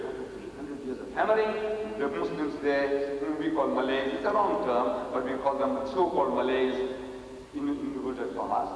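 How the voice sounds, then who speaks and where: A man's voice: on the high side, expressive, normal speed, slight background noise. Emphatic man in an echoing hall. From South Africa. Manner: emphatic, repetitive, rhetorical. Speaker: speaker addressing students. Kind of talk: religious lecture. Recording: echoey hall from far off.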